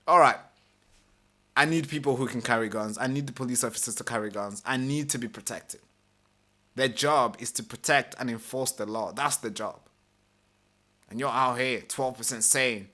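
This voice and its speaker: A man's voice: medium pitch, moderate pace, sharp tone. A male host reading an article aloud during a live stream and commenting on it, swearing, repeating himself and putting on mocking voices.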